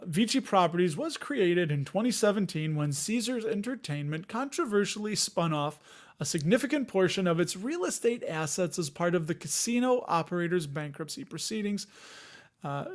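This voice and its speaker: A man in his forties speaks with a Chicago accent in a fairly high voice. He rambles and jokes as the host of a casual investing live stream. He answers viewers' comments as he goes. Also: expressive, normal speed. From Chicago area, Illinois. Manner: rambling, jokey, laughs often, reads chat aloud.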